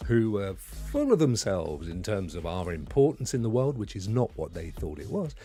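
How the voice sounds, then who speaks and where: A man's voice: lowish voice, big pitch swings, normal speed, dark tone, faint music behind. An English man hosting a gaming live stream, chatting casually in an opinionated, chatty way with chuckling asides. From England.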